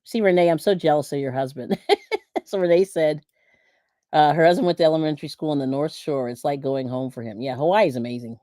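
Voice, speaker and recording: A woman's voice: deep voice, fast, warm tone, no echo, clean studio sound. A middle-aged woman from Pennsylvania hosting a livestream, chatting casually and laughing often as she reads viewer comments. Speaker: livestream host.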